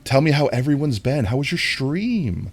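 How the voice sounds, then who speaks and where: A young man chatting casually on a gaming livestream, rambling and correcting himself, and getting excited when he greets viewers. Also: mid-range voice, normal speed. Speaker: streamer.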